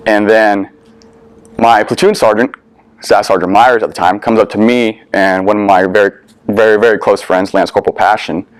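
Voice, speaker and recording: A young adult man tells a personal war story to an audience. He is earnest and candid, with a slightly low voice and some casual swearing. The sound is dry and close, with no room echo. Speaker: veteran speaker.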